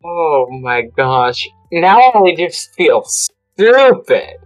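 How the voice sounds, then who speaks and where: Female co-host, unhurried, teasing, lively intonation. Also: on the low side, faint music behind, low-quality recording. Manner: wry, teasing. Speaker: podcast co-host. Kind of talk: casual chat.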